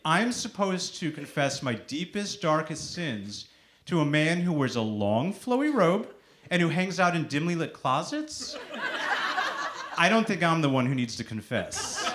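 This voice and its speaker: Sing-songy stand-up comic, lively pitch. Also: male voice. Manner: sing-songy, talks as if everything is a question. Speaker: stand-up comedian. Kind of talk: stand-up set. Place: comedy club stage before a live audience. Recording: noisy live club recording.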